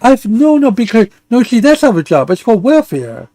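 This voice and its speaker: A man's voice: very high voice, big pitch swings, a little fast, warm tone, no echo. A man hosting a live commentary stream, ranting in a profane, insulting way and stumbling over restarts. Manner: angry, insulting, stammers and restarts. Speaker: livestream commentary host.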